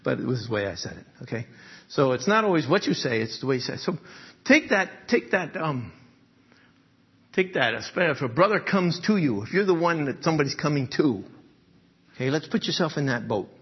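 A man's voice: fairly high pitch, very animated, brisk, slightly rough, lo-fi sound. A man preaching a sermon in a conversational way, often checking in with "okay?" and "right?" and chuckling as he talks. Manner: chuckles often while speaking. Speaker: pastor.

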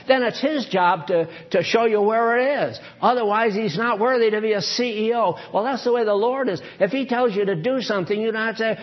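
In a dull lo-fi recording, a man with a high voice preaches briskly with few pauses. His sermon is conversational and digressive, as he reads scripture aloud and puts questions to his listeners.

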